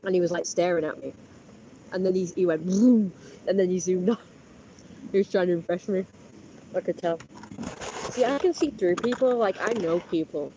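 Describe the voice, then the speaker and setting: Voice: medium pitch, moderate pace, pauses often, dark tone, slight background noise. A person, vlogging outdoors by a canal in a chatty, boastful, wandering monologue. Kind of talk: casual rambling monologue. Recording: slightly muffled outdoor recording, faint background.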